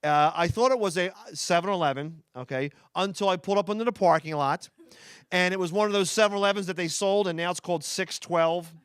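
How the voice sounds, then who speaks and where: A man with a Philadelphia accent doing a stand-up comedy set before a live audience, talking fast and rambling with restarts and asides to the crowd. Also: sits high, clear, resonant tone, dry recording, clean studio sound.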